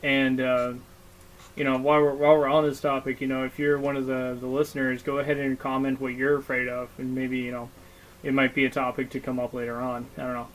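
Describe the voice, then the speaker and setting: A man's voice: mid-range voice, completely flat delivery, fairly quick, a little hiss or hum, low-quality recording. A young man co-hosting a podcast, telling stories in casual chat, swearing freely and using lots of fillers. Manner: profane, storytelling with lots of fillers. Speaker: podcast co-host.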